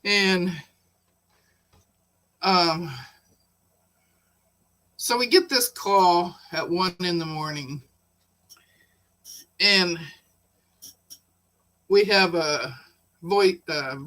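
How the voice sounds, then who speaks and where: Bright-voiced woman host, slow easygoing delivery, casual live-stream storyteller. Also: on the low side, rough recording. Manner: chatty, laughs often while telling stories. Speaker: livestream host.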